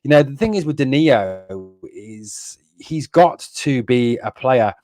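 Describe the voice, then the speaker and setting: A man's voice: medium pitch, expressive, measured pace, a little mellow. Blunt, exasperated man ranting on a stream. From northeast England. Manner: blunt and exasperated, swears, repeats himself; reads out viewer comments. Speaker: fan channel host. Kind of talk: live stream fan rant.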